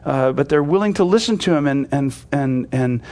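A man teaching a sermon in a loose, conversational way, full of "you know" and restarts, growing animated as he retells a story. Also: mid-range voice, moderate pace. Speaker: pastor.

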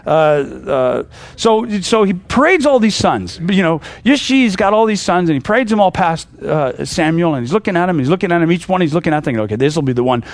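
A middle-aged man teaches scripture in a loose, chatty way, stumbling over fillers and restarts. His voice sits high and swings widely as he acts out the people in the story. The sound is close and dry. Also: expressive, brisk, no room sound. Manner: conversational, many fillers and restarts, acts out quoted lines. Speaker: pastor. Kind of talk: casual Bible teaching.

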